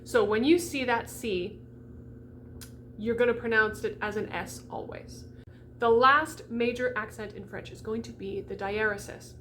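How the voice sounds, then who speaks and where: A chatty woman teaching diction to singers, her voice sitting a little high. She keeps checking in with the listener, and a faint hum of room noise runs underneath. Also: measured pace, a bit bright. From United States. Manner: chatty, often checks in with "okay?". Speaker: voice coach. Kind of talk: diction lesson to camera.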